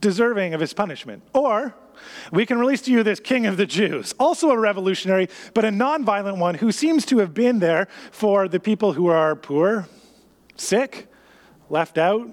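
Male pastor, high voice, animated sermon delivery, long reverb of a hall. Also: normal speed. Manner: animated, acts out scenes in a raised voice.

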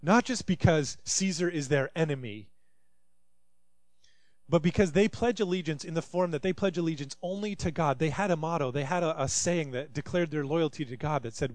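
A man's voice: on the high side, normal speed, a little mellow, dry recording. Pastor preaching a sermon, man. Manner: reads scripture aloud and voices quoted speakers dramatically.

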